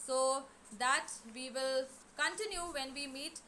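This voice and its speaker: A woman teaching a grammar lesson, explaining slowly and repeating key words. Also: sits high, bright, forceful tone, slight background noise. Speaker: English teacher. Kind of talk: online class lesson.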